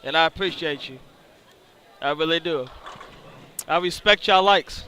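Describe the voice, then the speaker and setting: A man's voice: on the high side, unhurried, sharp tone, slight background noise. A man doing color commentary at a bowling event, joking playfully with his booth partners. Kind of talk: live sports commentary.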